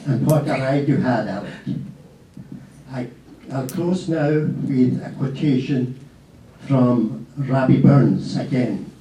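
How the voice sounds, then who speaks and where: A man's voice: medium pitch, slow pace, mellow, slight background noise. A man giving a reflective eulogy, quoting poetry as he says goodbye to a friend. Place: memorial hall. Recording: echoey hall from far off.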